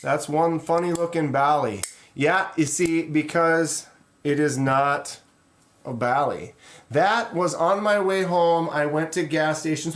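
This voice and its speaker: A man talks loosely and at length on a home live stream, drifting from point to point and greeting viewers by name as he goes. His voice sits a little high for a man, and his delivery stays easygoing and unscripted. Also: slow pace. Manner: relaxed, rambling, reads chat aloud. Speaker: knife channel host. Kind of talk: casual live stream chat.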